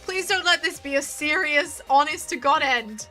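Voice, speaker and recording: Faint music plays behind a high-pitched woman speaking at a moderate pace in a pushed, bright voice. She streams a visual novel, giving live let's-play commentary while she rants, swears and begs the screen in exasperation.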